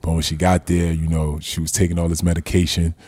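A man telling a story as a guest in casual chat, fast and slangy, animated. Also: low voice, slightly rough, dry recording.

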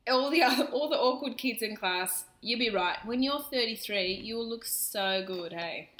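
Bright, playful woman in her thirties. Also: a little high, animated, normal speed, roomy sound. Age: 30s. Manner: playful, laughs often, teasing. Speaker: podcast co-host. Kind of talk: casual chat.

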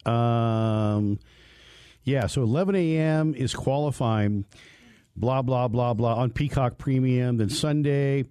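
A man's voice: medium pitch, slow pace, dark tone, clean tone, dry recording. Guy hosting a racing radio show, rambly and loose, very dry close sound. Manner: rambling, many fillers and restarts. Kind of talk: casual radio talk.

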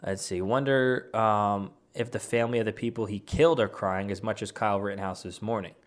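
A man's voice: on the low side, fairly even intonation, brisk. A man giving an argumentative, dismissive reaction as an online commentator, reacting to a clip and reading posts aloud.

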